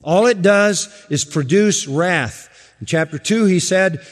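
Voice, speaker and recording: Emphatic preacher in a reverberant hall. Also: male voice, sits high, slow. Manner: emphatic, repeats key phrases, swings between loud and hushed. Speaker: pastor. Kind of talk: expository sermon.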